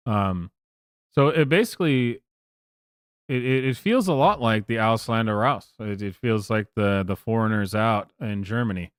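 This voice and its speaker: A man's voice: lowish voice, normal speed, smooth, no room sound, clean studio sound. A man streaming live, rambling through profane commentary with many fillers and restarts. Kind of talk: casual livestream commentary.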